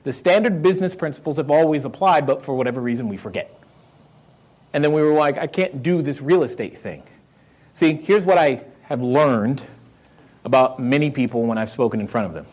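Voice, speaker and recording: A man's voice: medium pitch, a little fast, darkish tone. A middle-aged man with a Southern American accent giving a motivational talk to a live audience, firing questions at them and laughing often. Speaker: real estate investor speaking to a live audience.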